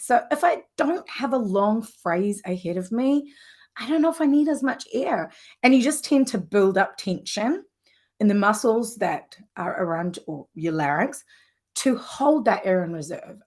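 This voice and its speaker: A woman vocal coach teaching a live lesson in an enthusiastic, conversational way, with warm asides. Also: mid-range voice.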